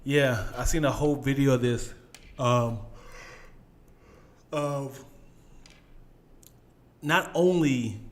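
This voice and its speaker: A man's voice: medium pitch, slow pace, long pauses, a little hiss or hum. A man co-hosting a podcast in casual chat, laid-back and slangy, pushing back with teasing remarks. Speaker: podcast co-host.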